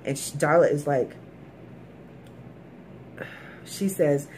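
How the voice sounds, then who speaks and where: A woman's voice: low voice, takes it slowly, a little mellow, slight background noise. Emphatic woman recapping a TV episode. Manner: emphatic, colloquial, talks straight to viewers. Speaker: TV episode reviewer.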